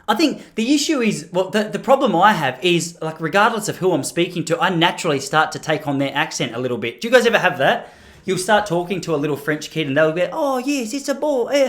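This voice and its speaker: A man's voice: high voice, fairly bright tone. An Australian man hosting a podcast, chatting casually to camera in a joking, rambling way. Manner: joking, rambling, slips into playful mimicry. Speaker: podcast host.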